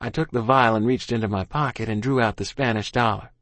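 A man narrating a story in first person, in an earnest, steady manner. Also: medium pitch, brisk, dry recording. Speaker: audiobook narrator.

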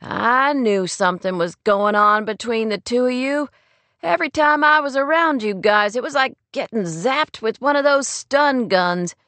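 An excitable teenage boy, cheeky and eager, his voice pitched high and loud, as a woman narrator puts him on in a storybook. The sound is dry and close. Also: a little slow, no echo. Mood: excited.

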